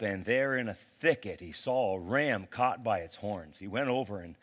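A man preaching a sermon as a pastor, in a casual, animated way with slang. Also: mid-range voice.

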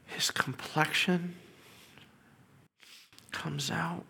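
A man's voice: a little high, steady tone, extremely slow, vocal fry, a little hiss or hum. A middle-aged man giving an earnest, emotional personal testimony as a father. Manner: earnest, emotional storytelling with quiet whispered prayers.

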